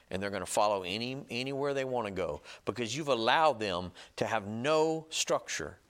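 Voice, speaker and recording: Emphatic preacher man, lively pitch. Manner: emphatic, repeats "right?" and "okay?" to the listeners; reads scripture slowly and loudly. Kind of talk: sermon teaching.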